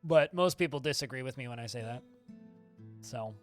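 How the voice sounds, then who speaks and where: A man's voice: medium pitch, soft background music. A man casually chatting with his livestream viewers, answering their questions as he plays a game. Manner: chatty, fast-talking, answers chat questions. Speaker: streamer.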